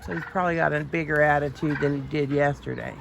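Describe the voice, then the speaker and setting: A woman's voice: fairly even intonation, fast talker, vocal fry. A woman vlogging her morning farm chores outdoors, chatting to her animals in a sing-song voice and speaking for them. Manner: talks to animals in a high sing-song voice, voices what they think. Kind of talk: casual vlog narration while doing farm chores. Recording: noisy outdoor farm audio. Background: turkeys and fowl gobbling.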